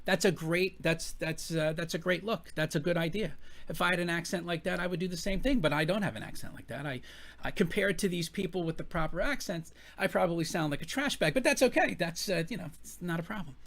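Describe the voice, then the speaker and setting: A man's voice: high voice, a little fast, a bit bright. A man from the United States giving casual reaction commentary, rambling, swearing freely and restarting his sentences often.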